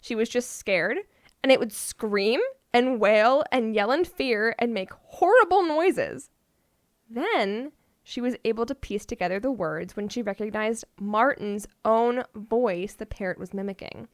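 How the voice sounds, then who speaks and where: Woman podcaster reading wild stories, kinda high voice, dry close sound, laughs a lot. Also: lively intonation, unhurried, no echo. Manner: playful, laughs often while reading stories. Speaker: podcast co-host telling stories. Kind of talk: casual storytelling chat.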